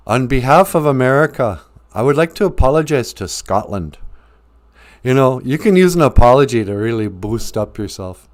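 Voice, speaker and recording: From a home livestream, a male podcast host with a mid-range, darkish voice chats in a teasing, mock-serious way, joking with his audience.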